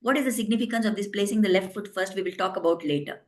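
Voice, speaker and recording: A woman tells a devotional story, explaining each step in plain words. Her voice sits at a middle pitch, and she often stops to add a note for her listeners. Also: fast. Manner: explains and retells in simple English, quoting characters.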